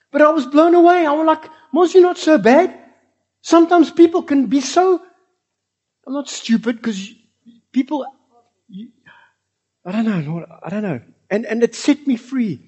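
South african pastor preaching, husky kinda high voice, keeps slipping into afrikaans. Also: male voice. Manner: animated, switching into Afrikaans. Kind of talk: sermon. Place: church.

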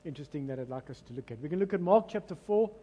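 High-voiced South African pastor preaching. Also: male voice, rapid-fire, breathy edge. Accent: South African English. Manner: animated, dramatic storytelling delivery. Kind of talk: sermon with call-and-response. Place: church hall. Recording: long hall reverb.

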